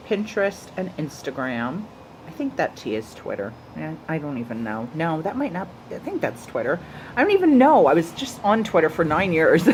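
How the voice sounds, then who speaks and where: Casting: low-pitched woman, enthusiastic unboxing vlogger, chatty, faint hiss behind her. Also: low-quality recording. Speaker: vlogger reviewing jewelry. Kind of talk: casual unboxing chat.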